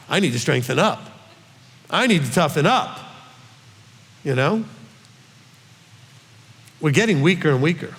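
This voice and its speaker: A rabbi giving a conversational Bible teaching, earnest and coaxing, often checking in with his listeners. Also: sits high. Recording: long hall reverb.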